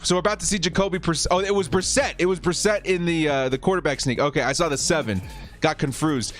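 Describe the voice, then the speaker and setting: Excitable guy chatting on a live stream, laughs a lot, bouncy voice. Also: high voice, a little fast, soft background music. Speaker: livestream host. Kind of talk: casual live watch-party chat.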